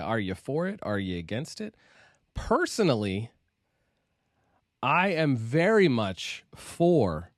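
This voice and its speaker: A man's voice: medium pitch, no echo, studio quality. A man co-hosting a podcast, making provocative, sweeping claims in a casual debate. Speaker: podcast co-host.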